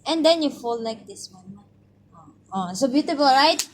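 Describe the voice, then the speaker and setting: This woman's voice sits high and sounds expressive at a normal speed, with slight background noise. Speaking with a Filipino accent in a bedroom at home, she coaxes a child at bedtime, reads a story aloud, and adds little particles to her sentences.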